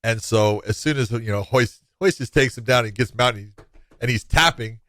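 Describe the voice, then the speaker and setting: Animated storytelling man, dry sound. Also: medium pitch, fairly quick, no room sound. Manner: animated storyteller, acts out quotes. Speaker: podcast co-host. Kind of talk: casual sports chat.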